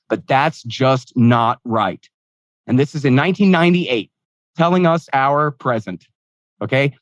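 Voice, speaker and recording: A man speaking as a guest in a casual interview, making his points in an emphatic, fast-flowing, opinionated way with sardonic asides. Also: mid-range voice, no room sound.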